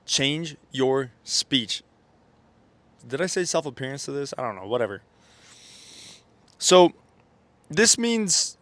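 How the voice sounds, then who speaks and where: A man's voice: medium pitch, fairly bright tone, no room sound. Rambling congested man, dry close sound. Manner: rambling, full of fillers and self-corrections; keeps checking in with "okay?" and "right?". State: stuffy, congested sinuses. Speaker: self-improvement content creator. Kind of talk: casual motivational vlog monologue.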